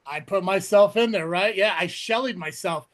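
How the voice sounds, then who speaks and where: A high-voiced man co-hosting a casual podcast. He rants and swears freely and mimics the people he is mocking. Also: normal speed. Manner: profane, ranting, mocks others in quoted voices. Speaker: podcast co-host. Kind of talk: casual chat.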